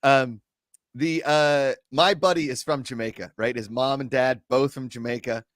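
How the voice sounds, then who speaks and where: A man hosting a casual talk show, animated and joking, with quick reactions. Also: mid-range voice, no room sound, studio quality. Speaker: host. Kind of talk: casual chat.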